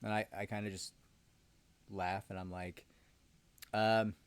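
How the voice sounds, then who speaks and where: A man's voice: low voice, level tone, normal speed, smooth. A man who hosts a legal channel, telling a story casually with rambling, sarcastic asides and frequent ums. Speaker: lawyer host.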